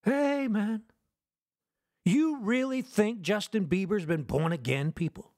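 A man preaching a fervent sermon, firing rhetorical questions at his listeners and swinging between loud declarations and hushed lines. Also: high voice, slow. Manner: asks the audience rhetorical questions.

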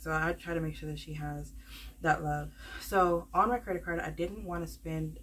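Woman vlogger, low voice, loose rambling delivery full of fillers, chatting straight to her viewers. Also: a little hiss or hum. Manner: rambling, many fillers, calls viewers "y'all". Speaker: budgeting vlogger. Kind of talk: casual chatty vlog to viewers.

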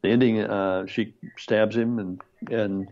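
Here a man with a fairly low pitch speaks a little slowly, and the recording has its highs cut off. He's a screenwriter being interviewed conversationally, telling a long, animated anecdote full of laughter and acted-out voices of the people he quotes.

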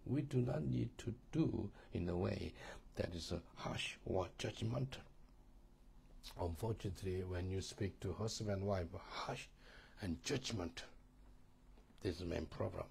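A man teaching a church marriage course, earnest and halting, often repeating words and asking listeners if they understand. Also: sits low, gravelly, darkish tone, slight background noise.

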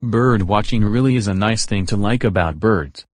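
A man's voice: on the low side, moderate pace, no room sound, studio quality. A man hosting a children's show, explaining things step by step to young viewers in an upbeat way.

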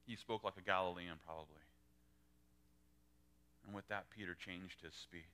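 Man, pastor, sermon, lively delivery, bright clear voice. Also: normal speed. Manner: animated, acts out quoted lines with pitch jumps. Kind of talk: verse-by-verse sermon.

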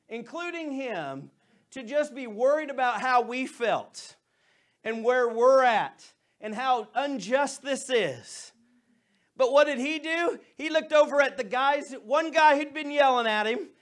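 High-voiced, animated male pastor preaching. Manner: animated preaching, swings from loud to soft. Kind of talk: sermon. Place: church.

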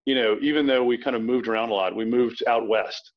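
Quick, restart-prone man on a lo-fi line. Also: medium pitch, steady tone. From Virginia. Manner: quick, anecdotal, frequent restarts. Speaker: author guest. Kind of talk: casual interview chat. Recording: dull lo-fi sound.

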